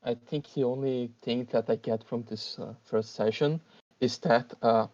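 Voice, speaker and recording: A man who is not a native English speaker, a tabletop player, talking haltingly and searching for words. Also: mid-range voice, fairly even intonation, a little mellow, dull audio. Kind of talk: casual chat.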